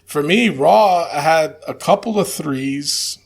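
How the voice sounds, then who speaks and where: A man with a fairly high voice and a gravelly, creaky edge, co-hosting a casual wrestling podcast. He talks in a loose, laughing way, pausing on fillers as he rates the shows. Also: lively intonation. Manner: laid-back, laughs often, hesitant with fillers. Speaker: podcast co-host.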